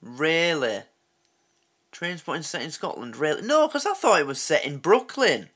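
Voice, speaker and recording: A man's voice: on the high side, very animated, normal speed, fairly bright tone. An English man hosting a reaction video, making sarcastic, swearing comments and laughing at his own jokes. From England.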